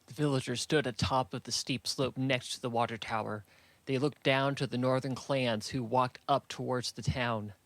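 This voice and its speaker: A man narrating a fantasy audiobook in a steady, measured storytelling manner. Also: mid-range voice, dry recording.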